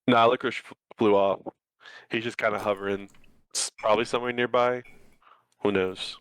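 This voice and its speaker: A man's voice: lowish voice, steady tone, normal speed, a bit bright, clear, resonant tone. A man running a tabletop game as game master, describing scenes loosely with many fillers. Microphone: streaming mic, close and dry.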